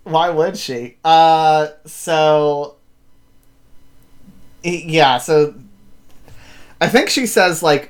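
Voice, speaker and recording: A man's voice: fairly high pitch, extremely slow, pauses often. A man recapping a story in casual chat, rambling with many fillers and acting out quotes. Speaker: podcast host.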